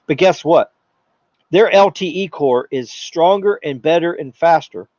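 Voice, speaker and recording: A man hosting a live tech Q&A stream, talking in an animated, jokey way and slipping into silly voices. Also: a little high, a little slow, dry recording, lo-fi sound. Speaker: tech channel host.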